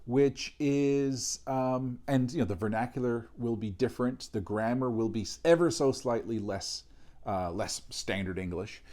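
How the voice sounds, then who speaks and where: A man giving an informal academic lecture, thoughtful and measured, often pausing to search for the right word. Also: mid-range voice, animated, darkish tone.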